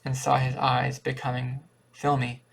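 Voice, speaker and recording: Casting: male audiobook narrator, steady, husky and flat in tone. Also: mid-range voice, unhurried. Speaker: audiobook reader.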